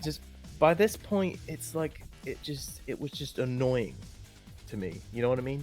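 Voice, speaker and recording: A man's voice: medium pitch, sing-song, normal speed, a little mellow, faint music behind. A man chatting casually and rambling as he ranks films, with many restarts and fillers. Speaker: co-host ranking films. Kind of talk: casual opinionated chat.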